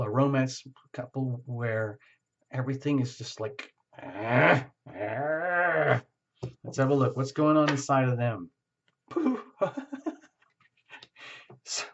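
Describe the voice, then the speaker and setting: A man's voice: mid-range voice, darkish tone. A man doing a tarot reading, talking frankly and searching aloud for the right words. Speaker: tarot reader. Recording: slightly muffled lo-fi recording.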